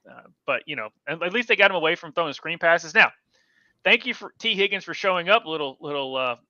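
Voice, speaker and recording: Animated and quick, a man with a fairly high voice and a bright, forceful tone co-hosts a fantasy football podcast. In this casual sports chat he rambles and self-corrects as his voice trails away. There's no echo, and the lo-fi mic sounds dull and dry.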